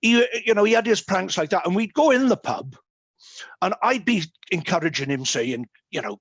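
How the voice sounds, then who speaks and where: A man with a fairly high voice tells humorous stories over a video call. He fills his talk with ums and uhs, and the sound is dry and close. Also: lively intonation, moderate pace, slightly rough, no room sound, lo-fi sound. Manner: humorous storytelling with many fillers. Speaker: guest speaker. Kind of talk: anecdotal talk at an online meeting.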